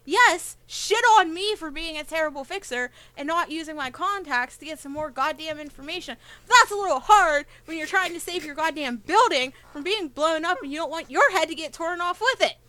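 A woman's voice: very high-pitched, animated, fairly quick, hardly any pauses, bright, forceful tone, dry recording. A woman playing a tabletop game, exasperated and sarcastic, swearing freely. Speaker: player. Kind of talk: in-character tabletop play.

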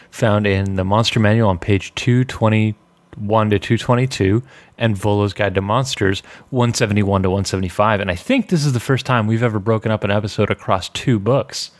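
A man's voice: on the low side, moderate pace. A man co-hosting a casual podcast chat, upbeat and jokey as he introduces the episode. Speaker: podcast co-host.

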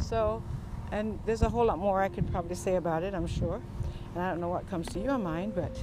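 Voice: mid-range voice, a little fast. A vlogger in casual devotional chat who sounds reflective and preachy and draws out key words for emphasis. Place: inside a moving car. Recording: road noise inside a car.

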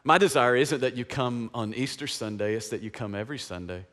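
A man's voice: medium pitch, fairly quick, a bit bright. A male pastor from East Tennessee, preaching an Easter sermon with passion and call-and-response. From East Tennessee, USA.

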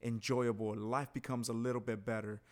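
A man's voice: mid-range voice, level tone, normal speed, darkish tone. Earnest male podcast guest encouraging others. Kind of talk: casual faith talk.

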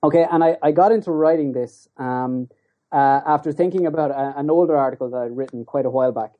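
A man's voice: on the high side, fast. Hesitant man, dull lo-fi line. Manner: hesitant, many ums and restarts. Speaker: podcast guest, writer. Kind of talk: casual podcast chat. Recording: dull lo-fi sound.

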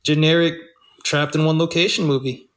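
A man's voice: a little high, steady tone, normal speed. A man co-hosting a casual movie review podcast, giving brief, hesitant, clipped answers. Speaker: podcast co-host.

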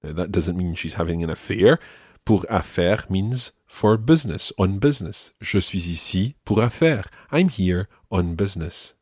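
A very deep-voiced man teaching a language podcast, recorded close to the mic in a dry studio. He repeats phrases slowly and patiently breaks them down. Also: lively intonation, darkish tone, no echo. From Scotland. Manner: clear, slow model phrases with patient explanations. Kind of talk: explaining a language lesson.

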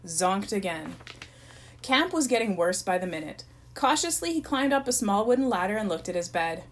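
A woman narrating a children's chapter book in a plain, even reading voice. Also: medium pitch, moderate pace. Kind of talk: storybook read-aloud.

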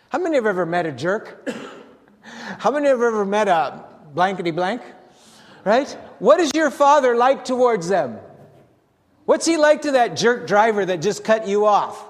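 An older man preaches with a high, lively voice that swoops up and down. He asks his congregation questions and reads passages aloud, and his voice trails into a long hall reverb. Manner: animated preaching with asides to the congregation. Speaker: pastor. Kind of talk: sermon.

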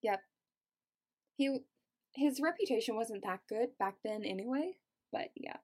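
A woman's voice: on the high side, lively intonation, unhurried, darkish tone. A woman co-hosting a podcast, chatting casually and reading passages aloud, tired and often breaking into giggles. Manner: giggly, reads with dramatic asides. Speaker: podcast co-host.

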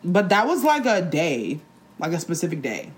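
A young woman co-hosting a casual podcast chat, blunt and animated, filling her talk with "like.". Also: lowish voice, normal speed. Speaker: podcast co-host.

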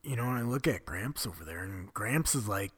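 A man telling a personal story in a candid, confessional way, often dropping to a breathy near-whisper and swearing bluntly. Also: on the low side, animated, brisk, fairly bright tone. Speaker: vlogger telling his own story.

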